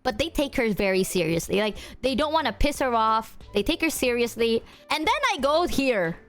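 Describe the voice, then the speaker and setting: Give me a young woman streamer with a high voice that leaps all over, chatting casually with her viewers. She is bubbly, laughs a lot and curses without a second thought. Faint music plays behind her. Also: animated, normal speed, a bit bright. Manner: bubbly, swears freely, laughs often.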